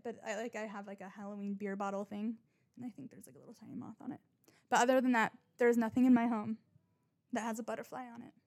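A young woman talking casually and bluntly about her odd habits, rambling, swearing often and mocking herself. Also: fairly high pitch. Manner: rambling, blunt, frequent swearing and self-mockery. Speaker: podcast host. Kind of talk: casual confessional monologue.

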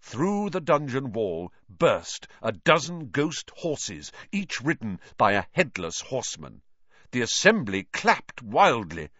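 Expressive male audiobook narrator. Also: medium pitch, takes it slowly, no room sound. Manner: expressive storytelling. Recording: dry, slightly dull recording.

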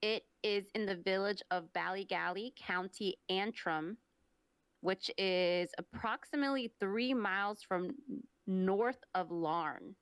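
A woman's voice: mid-range voice, takes it slowly, clean tone, no echo. A young woman co-hosting a podcast, chatting playfully and reading out her research. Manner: giggly, playful, reads research notes. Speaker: podcast co-host. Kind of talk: casual chat and storytelling.

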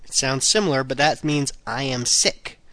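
A man hosting a podcast language lesson who repeats phrases slowly for learners. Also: medium pitch, bright, forceful tone, no room sound. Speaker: language teacher, podcast host.

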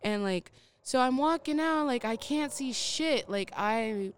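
Animated young woman telling a wild story. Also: high voice, a little slow, slight background noise. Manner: animated, swears freely, acts out quoted voices. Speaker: podcast co-host. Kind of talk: casual storytelling.

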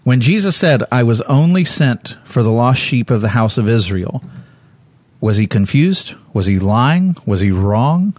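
A man preaching in a loose, conversational way, walking his listeners through a Bible story. He is lively and candid, slipping into the voices of the people in it with leaps in pitch. His voice sits at a middle pitch, and the sound is dry and close with no room echo. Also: unhurried. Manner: lively, acts out quoted voices with sudden jumps in pitch; candid and self-correcting.

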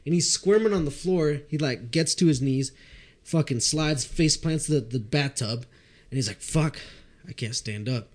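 A young man telling a drinking story in casual chat, animated and profane, often laughing. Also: a little high, unhurried.

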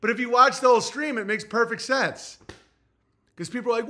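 A man chatting on his stream, swearing freely and breaking into laughter. His voice sits high for a man and has a bright, forceful edge. He jumps quickly between joking and ranting. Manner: profane, excitable, laughs often. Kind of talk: casual stream chat, reading viewer messages.

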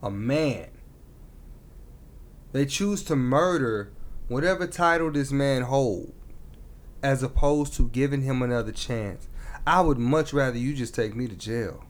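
A man's voice: mid-range voice, measured pace, long pauses. A man talking earnestly in a casual discussion, building to emotional emphasis as he makes his point.

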